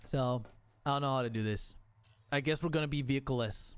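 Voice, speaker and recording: A man's voice: mid-range voice, brisk, clean tone. A man streaming a game, talking casually to himself and the game, frustrated and joking as he builds. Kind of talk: casual gameplay commentary.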